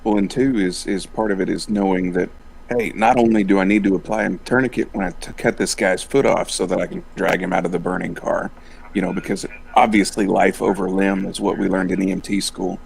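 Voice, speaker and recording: A man's voice: low-pitched, fairly even intonation, fairly quick, vocal fry, slight background noise, low-quality recording. A man trained as an EMT, explaining things in a practical, matter-of-fact way in a casual group discussion on a live stream.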